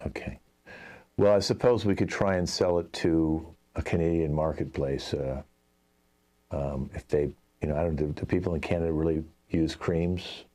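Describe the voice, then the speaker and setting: A man with a very low voice plays an exasperated commercial director in an improv scene. He rambles through his notes with lots of fillers and sighing asides. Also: steady tone, moderate pace, mellow. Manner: exasperated, talky, many fillers. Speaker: improv show host, playing a commercial director.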